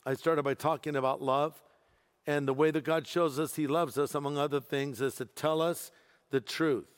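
A man preaches a sermon, his voice sitting a little higher than most men's. He drives home his points with emphasis and drops in dry jokes along the way. Everything echoes with the long reverb of a large hall. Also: steady tone, moderate pace, clear, resonant tone. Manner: emphatic preaching with humorous asides. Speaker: pastor.

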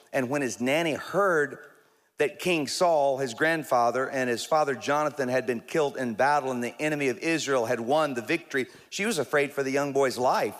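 A pastor preaching a sermon in a church, animated, with emphatic rises and slow stressed phrases. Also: male voice, medium pitch, in a large hall.

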